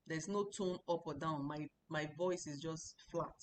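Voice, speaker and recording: A woman leads a relaxed online language lesson, explaining step by step and repeating each sound. Her voice sits on the low side. A faint hiss runs under the recording. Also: moderate pace, hardly any pauses. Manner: explanatory, repeats words for practice, chatty asides. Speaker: Chinese language teacher.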